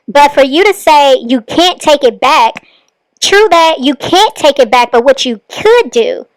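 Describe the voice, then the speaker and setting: A woman's voice: high-pitched, dry recording, low-quality recording. A woman hosting a reaction channel, commenting critically and with disbelief on a clip she has just played. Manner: critical, incredulous, measured.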